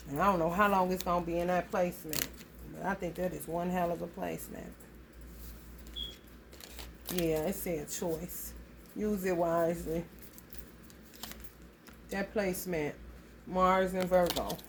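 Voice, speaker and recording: A woman's voice: lowish voice, fairly even intonation, a little slow, pauses often, background noise. Blunt, profane woman reading astrology. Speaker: astrology reader. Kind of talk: casual tarot reading monologue.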